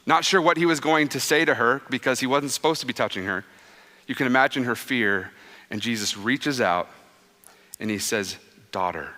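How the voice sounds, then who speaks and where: 30s guy pastor preaching, chatty storyteller, bright voice, big echoey church. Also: normal speed. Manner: conversational, animated storytelling; drops soft and low for quoted words. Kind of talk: sermon. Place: church sanctuary. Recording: long reverb of a church hall.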